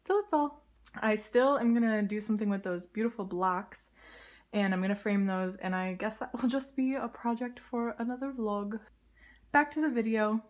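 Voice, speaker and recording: A young pregnant woman chatting casually in a home vlog, full of "like" fillers and sometimes dropping to a soft whisper. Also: fairly high pitch. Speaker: vlogger. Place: her home.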